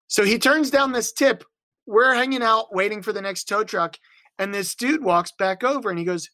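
A young adult touring musician tells a road story in a wry, profane, casual way and slips into the voices of the people in it. The voice sits at a middling pitch and is recorded close and dry, with no room sound. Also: moderate pace, pushed and bright, no room sound.

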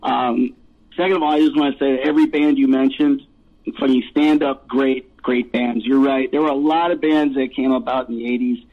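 A man in his fifties, a musician guest, telling rambling stories with laughs and swearing. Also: mid-range voice. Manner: rambling, laughing, profane storyteller. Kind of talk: casual storytelling interview. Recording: tinny phone-like line.

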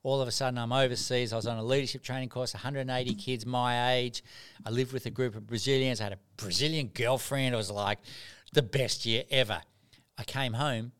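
A man's voice: medium pitch, fairly even intonation, a little fast, fairly bright tone, smooth. A middle-aged man, a doctor and mentor, telling stories earnestly in a casual interview, often repeating words as he starts.

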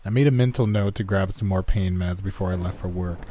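Male horror narrator; mellow, dark tone, steady and measured. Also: deep voice, a little hiss or hum.

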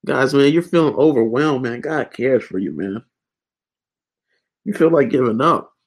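A man's voice: medium pitch, lively intonation, measured pace, breathy edge. Young guy doing a chill bible talk to camera, earnest and rambly, says man and guys a lot, normal mid voice. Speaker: online Bible teacher. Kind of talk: casual video devotional.

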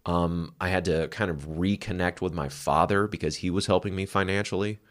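A man with a very low, deep voice speaks in relaxed podcast conversation. He is frank and reflective about his own life and swears casually now and then, with an unguarded way of talking. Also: brisk. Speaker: podcast co-host. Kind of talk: candid conversational chat.

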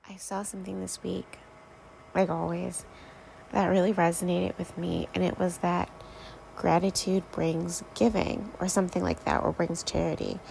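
Gravelly, low-voiced woman, gentle encouragement. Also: flat delivery, moderate pace, slight background noise, rough recording. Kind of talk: encouraging faith talk.

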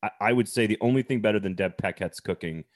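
A man's voice: fairly low pitch, fast, dry recording, studio quality. A man in his thirties from Wisconsin, co-hosting a casual podcast chat and reading sponsor plugs with a joking, laughing manner. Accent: slight Wisconsin. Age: 30s. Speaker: podcast host.

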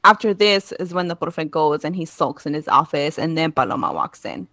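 A woman's voice: deep voice, brisk, no echo. A woman co-hosting a podcast, casually recapping episodes and acting out the characters' lines. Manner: animated retelling, acts out characters' lines. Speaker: podcast co-host.

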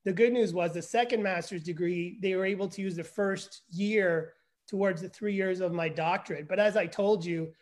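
A man in his fifties from Canada, a forensic psychologist telling his story as a guest in a casual interview, self-deprecating and animated. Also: high voice, normal speed.

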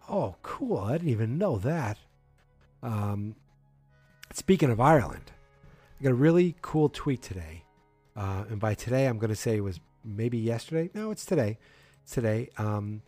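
A man's voice: medium pitch, dark tone, no room sound. A man hosting a casual solo podcast, rambling with many fillers and self-corrections. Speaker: podcast host.

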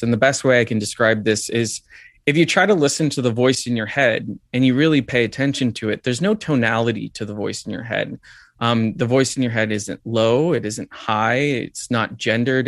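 Man calmly recounting a personal experience. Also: mid-range voice, no room sound. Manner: reflective, lots of "like" and "um". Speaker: guest. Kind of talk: telling a personal story.

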